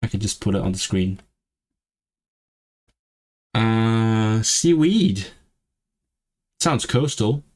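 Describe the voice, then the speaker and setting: A man hosting a casual language livestream, rambling, restarting his sentences and sounding out phrases slowly. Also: on the low side, expressive. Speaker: language channel host. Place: lives in England, streaming from home.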